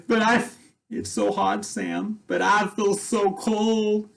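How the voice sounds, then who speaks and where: A man voicing a heatstruck female outlaw who is hallucinating in the desert, in a thin high voice. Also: steady tone, slow pace, gravelly, fairly bright tone, exaggerated voice. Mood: feverish.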